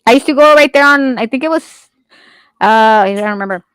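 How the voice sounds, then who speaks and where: A woman with a high, bright-pitched voice, chatting casually and swearing freely as she laughs her way through stories. The sound is dry and close, with no room echo. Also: fairly quick, smooth. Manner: chatty, profane, laughs often. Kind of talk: casual chat.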